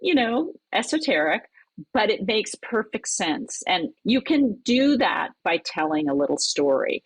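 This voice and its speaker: A woman who teaches cookbook writing, talking in an animated, conversational way as a podcast guest. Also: mid-range voice, measured pace, breathy edge, no echo, rough recording. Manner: animated, lively storyteller with laughs. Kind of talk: conversational interview.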